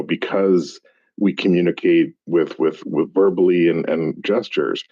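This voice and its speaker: A man's voice: low-pitched, mellow, no room sound, lo-fi sound. A man from Montreal on a discussion panel, talking casually in a rambling, stammering, joking way. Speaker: debate panelist.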